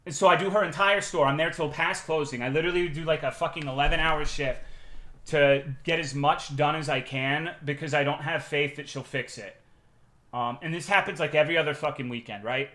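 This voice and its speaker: A man streaming live, telling a work story in a profane, animated and sarcastic way. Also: a little high, moderate pace, roomy sound. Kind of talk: casual livestream storytelling.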